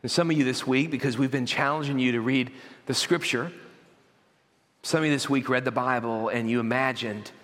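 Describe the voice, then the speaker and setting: A man preaching a sermon as pastor, telling animated stories and acting out parents and children. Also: medium pitch, brisk. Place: large church auditorium. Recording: long church hall reverb.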